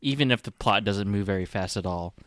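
A man's voice: lowish voice, brisk, a bit bright, dry recording. A young man co-hosting a casual movie review chat, agreeable, chiming in often and laughing along. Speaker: podcast co-host.

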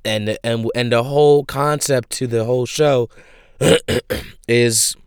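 A man casually retelling a show he recommends, animated and full of fillers. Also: mid-range voice, slow, smooth, no echo, clean studio sound. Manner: animated storyteller, many fillers.

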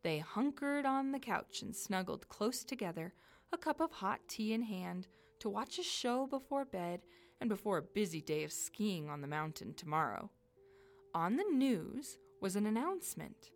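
A woman reading a children's story she wrote herself, telling it expressively with dramatic pauses. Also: medium pitch, big pitch swings.

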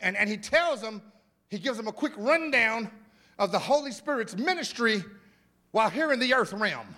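A man preaching a sermon as pastor in a church, animated, with repeated words, exclamations and casual asides to the congregation. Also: high voice, moderate pace. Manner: informal, conversational asides to the congregation. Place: church sanctuary.

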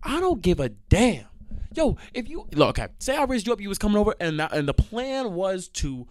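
A young man holds forth alone on his podcast, ranting with exasperated energy and frequent swearing. His voice sits a bit higher than most men's, and the recording is close and dry with no room sound. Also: fairly quick, dry recording. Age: young adult. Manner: animated, profane, exasperated ranting. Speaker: podcast host. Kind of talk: solo podcast rant.

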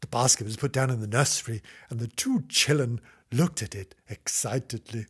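A man's voice: medium pitch, normal speed, a bit bright, husky. A man reading a children's storybook aloud in a camp, theatrical way, breaking off into comic asides and sorry-children apologies. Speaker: comic reader.

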